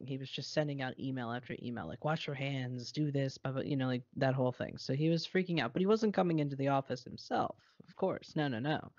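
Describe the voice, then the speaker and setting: Chatting casually on a podcast he co-hosts, a man speaks bluntly and sarcastically and swears freely. His voice sits in the mid-range. He was recorded over an internet call, which sounds muffled and dry with no room sound.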